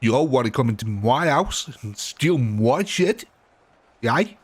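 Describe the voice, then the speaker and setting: A man putting on a South African accent, voicing a gruff homeowner. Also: mid-range voice, very animated, unhurried. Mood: challenging. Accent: South African, put on.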